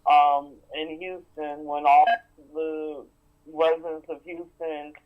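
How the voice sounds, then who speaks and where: Male caller, slightly high voice, blunt, slangy, dull lo-fi phone line. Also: level tone, slow pace, clear, resonant tone. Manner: blunt, outspoken, casual slang. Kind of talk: casual call-in chat.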